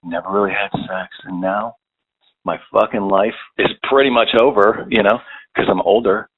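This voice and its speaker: A man's voice: on the low side, steady tone, normal speed, slightly rough. Foul-mouthed man on a phone chatline. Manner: crude, swears a lot, rambling and self-pitying. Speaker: caller. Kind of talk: casual chat. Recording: tinny phone line.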